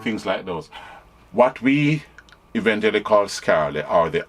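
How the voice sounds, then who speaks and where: A man's voice: on the low side, sing-song, a little slow. A man with a Jamaican accent, a musician explaining music history in a patient, teacherly way. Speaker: musician and guitarist.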